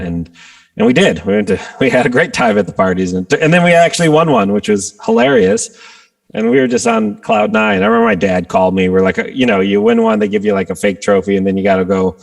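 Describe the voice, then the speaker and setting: A man, a guest rock guitarist, telling stories in a casual interview and acting out quotes with sudden jumps in pitch. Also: brisk, gravelly. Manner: animated storyteller, acts out quotes with jumps in pitch.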